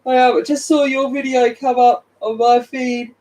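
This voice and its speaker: A woman's voice: high voice, steady tone, measured pace, dark tone, poor audio. Australian woman, sleepy, casual livestream chat, greets viewers by name, phone mic. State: sleepy, just woken up. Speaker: livestream host. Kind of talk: casual chat while colouring.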